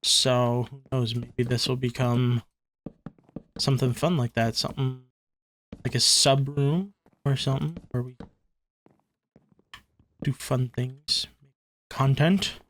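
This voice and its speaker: A man's voice: medium pitch, fairly even intonation, slow pace, pauses often, a bit bright, a little hiss or hum. Easygoing man rambling over gameplay. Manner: rambling, loose, lots of fillers; easygoing, self-mocking. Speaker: gaming channel host. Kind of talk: casual gameplay commentary.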